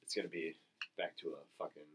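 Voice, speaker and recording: Deep, bright-edged blunt man. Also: steady tone, fast, slightly rough. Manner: blunt, swears. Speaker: podcast co-host. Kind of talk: casual chat.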